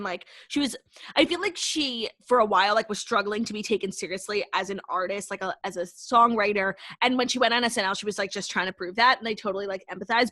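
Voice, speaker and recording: A woman's voice: a little high, sharp tone, dry recording. Gushing young woman, dry sound. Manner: gushing, filler-heavy talk full of "like". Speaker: podcast co-host. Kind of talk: casual chat.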